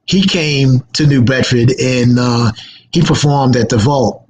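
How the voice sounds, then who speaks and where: A man telling radio stories in a casual, animated way, acting out the quotes. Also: medium pitch, a little slow, slight background noise, rough recording. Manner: animated anecdotes with acted quotes. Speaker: radio guest. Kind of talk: casual storytelling.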